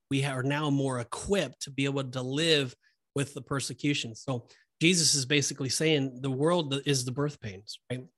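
Male co-host, earnest Bible discussion, mid-range voice, halting delivery with fillers. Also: medium pitch, fairly bright tone. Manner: earnest, preachy, with many fillers and restarts. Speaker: podcast co-host.

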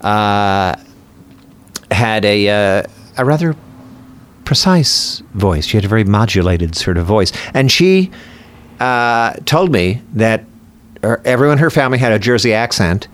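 A man speaking as a guest in a casual conversation, with a precise, measured way of talking and thoughtful, rambling sidebars. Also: fairly low pitch, animated. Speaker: guest, voice actor.

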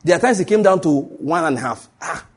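A Nigerian male pastor preaching a live-streamed sermon, telling stories and repeating key phrases for emphasis, dropping to a hush and then rising. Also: a little high, animated, brisk, breathy edge. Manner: dramatic shifts between hushed and raised voice.

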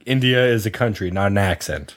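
A young man co-hosting a podcast, trading crude deadpan jokes in casual chat. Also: fairly low pitch, brisk. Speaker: podcast co-host.

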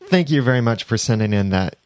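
A man's voice: mid-range voice, expressive, fast talker, darkish tone, no room sound. A man hosting a podcast in a chatty, casual way, reading sponsor plugs and laughing often. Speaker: podcast host.

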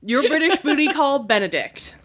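A woman narrating a tabletop game as game master, playful and quick with asides. Her voice sits a bit high for a woman. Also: very animated, fairly bright tone.

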